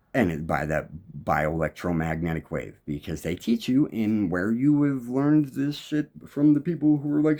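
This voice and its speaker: A man's voice: on the low side, mellow. A man talking in a loose, rambling monologue, swearing constantly and restarting his sentences a lot. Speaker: musician.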